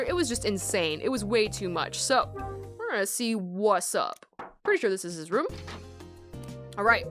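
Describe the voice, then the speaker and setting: A woman giving casual, excitable commentary as she plays a game, chatting and thinking aloud. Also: mid-range voice, normal speed, pauses often, music in the background. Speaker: let's play commentator.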